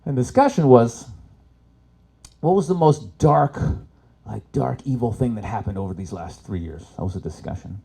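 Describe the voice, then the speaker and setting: A man doing a live stand-up comedy set on an event stage, swearing freely and swinging between loud punchlines and low asides. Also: moderate pace, vocal fry, slightly rough.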